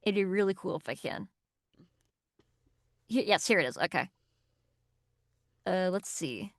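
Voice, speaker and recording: A young adult woman, a voice actress, chatting in an interview, lively and quick to laugh. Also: fairly low pitch, no room sound, studio quality. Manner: lively, laughing, reads aloud from notes. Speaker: voice actress guest. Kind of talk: casual interview chat.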